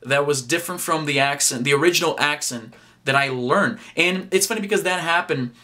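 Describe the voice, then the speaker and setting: Bright-voiced man vlogging casually. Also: fairly high pitch, brisk. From Brazil. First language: Portuguese. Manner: chatty and rambling, with frequent restarts and casual swearing. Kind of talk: casual vlog talk to camera.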